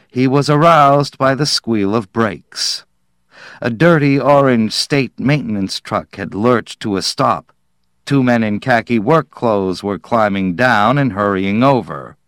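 Slow, measured male storyteller. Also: fairly low pitch, a bit bright, dry recording, clean studio sound. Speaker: narrator. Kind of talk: audiobook narration.

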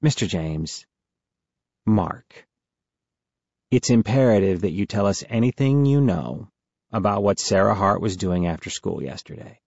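A man's voice: on the low side, expressive, measured pace, gravelly, pauses often, a little mellow, no room sound, lo-fi sound, exaggerated voice. A man voicing a cool, steely female federal agent in an audiobook, speaking in a clipped, official way.

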